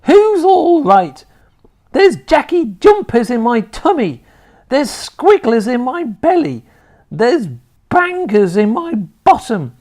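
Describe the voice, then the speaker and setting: A man's voice: extremely high pitch, sing-song, very slow, hardly any pauses, sharp tone, pitched above the performer's own voice, heavily acted. A man reading a storybook aloud and voicing a cranky old grandmother who screeches in panic. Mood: shrieking panic.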